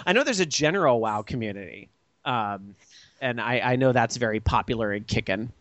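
A man's voice: mid-range voice, animated, a little fast, a bit bright, no echo. An American man hosting a podcast, chatting casually with a jokey manner and frequent laughs. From United States. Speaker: podcast host.

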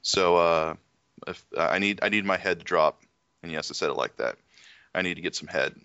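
A man's voice: low voice, normal speed, sharp tone, dry recording. A man co-hosting a casual gaming chat, telling stories and ranting with a lot of swearing. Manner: profane, ranting storyteller. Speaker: podcast co-host. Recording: dry, slightly dull lo-fi audio.

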